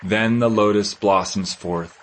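A man giving a slow, solemn scripture reading, measured and reverent, with pauses between phrases. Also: fairly low pitch, fairly even intonation, slight background noise, low-quality recording. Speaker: scripture reader.

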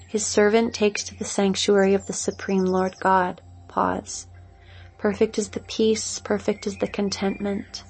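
A woman reads devotional scripture in a slow, measured recitation. Her voice has a gravelly, husky grain, and soft music plays faintly behind her. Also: medium pitch. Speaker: scripture reader.

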